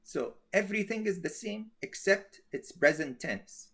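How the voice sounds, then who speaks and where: A man teaching a grammar class, speaking slowly and repeating himself, often checking with "okay?". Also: high voice, lively intonation, creaky, a bit bright. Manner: slow, repetitive, checks with "okay?".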